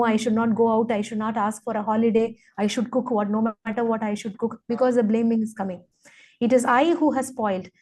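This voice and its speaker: A woman's voice: a little high, darkish tone. A woman, a yoga teacher giving an earnest, emphatic health talk to a class and repeating her key points. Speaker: yoga teacher, guest speaker.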